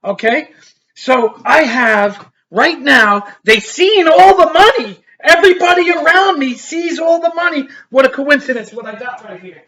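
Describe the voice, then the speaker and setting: Very high-pitched and unhurried, this middle-aged vlogger meanders through a story in a casual manner. He's animated and profane throughout.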